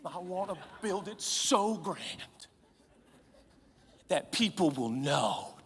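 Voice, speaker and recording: An earnest young churchgoing man who dreams of a big business, voiced by a preacher in a hushed, lowered tone during a sermon. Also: very animated, takes it slowly, big-room sound, a little hiss or hum, exaggerated voice.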